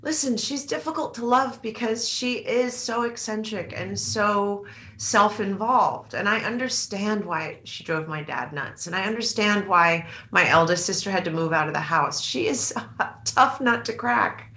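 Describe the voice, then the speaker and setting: A woman in her fifties, an author being interviewed in a candid onstage talk, reflective and halting, often restarting her sentences. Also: medium pitch, pushed and bright, roomy sound.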